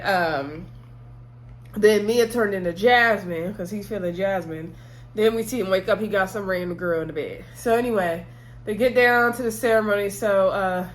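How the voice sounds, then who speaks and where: A woman reviewing TV recaps an episode in a chatty storytelling style, acting out the characters' lines and often laughing along. She has a mid-range, fairly bright voice and talks at a normal speed.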